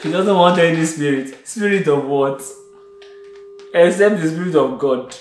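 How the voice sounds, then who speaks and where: A man with a high voice, joking theatrically and laughing through a comedy vlog. His voice rings in an echoey room, with a faint hiss behind it. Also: a little slow, a little mellow. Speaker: vlog co-host, husband. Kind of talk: playful comedic vlog banter.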